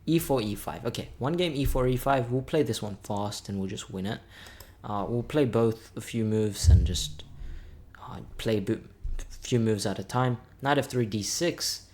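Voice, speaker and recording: A man's voice: medium pitch, moderate pace, a little mellow. A chatty man with a middling voice talks to his viewers while he plays chess without sight of the board. He sounds a bit tired and mutters his moves to himself as he thinks. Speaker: chess content creator. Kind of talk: thinking aloud while playing blindfold chess.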